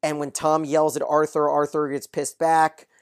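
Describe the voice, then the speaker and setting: A podcast host who reads listener mail and recaps a TV episode in a brisk, steady run of summary. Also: mid-range voice, clean tone.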